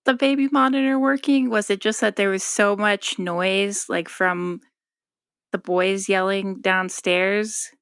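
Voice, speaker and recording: A woman with a bright, sharp voice muses aloud on a podcast. Her tone is crisp and smooth, and the recording is dry and close. She wanders through her thoughts with lots of filler words and giggles. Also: medium pitch, fairly even intonation, a little slow, dry recording. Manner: musing, many "like" fillers, giggly. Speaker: podcast co-host. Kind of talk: casual chat.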